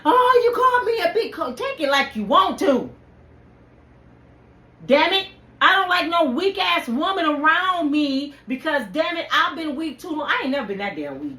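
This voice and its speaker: Heated, preachy woman with a lively high voice. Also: unhurried, long pauses. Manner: heated, preachy, addresses viewers directly. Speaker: channel host. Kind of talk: impassioned personal rant to camera. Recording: echoey room with faint ambient noise.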